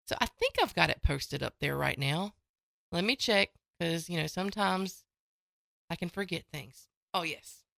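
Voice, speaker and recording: A woman hosts a morning radio show in a chatty, folksy, playful way. Her voice swings widely in pitch and sounds bright and crisp, recorded dry and close on a studio mic. She takes her time, talking at an unhurried pace. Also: no room sound. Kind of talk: casual morning radio chat. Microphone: studio microphone.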